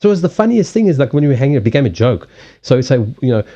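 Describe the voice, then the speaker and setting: A man's voice: medium pitch, sing-song, very fast, dark tone, highs cut off. A man hosting a card-reading live stream, telling anecdotes in a chatty way and laughing often. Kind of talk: casual live-stream chat.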